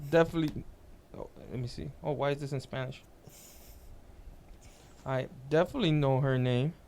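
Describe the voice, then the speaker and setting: A man co-hosting a casual podcast, telling an animated story and reading comments aloud. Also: medium pitch, moderate pace, gravelly. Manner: animated storytelling, reads out comments, laughs a lot. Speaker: podcast co-host.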